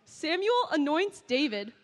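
High-pitched lady slowly narrating a bible skit in a church, cheerful coaching, big hall echo. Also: very animated. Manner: slow, cheerful coaching with frequent laughs.

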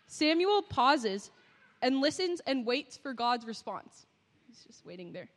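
High-voiced woman directing a church skit. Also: lively intonation, fairly bright tone, long reverb tail. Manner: slow, cheerful coaching with frequent laughs. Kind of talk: narrating and directing a Bible skit.

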